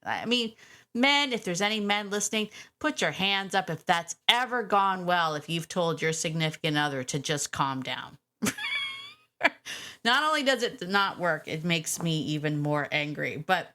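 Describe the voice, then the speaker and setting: A woman hosting a dog-training podcast, chatty and animated, laughing often. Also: lowish voice, normal speed. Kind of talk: casual podcast chat.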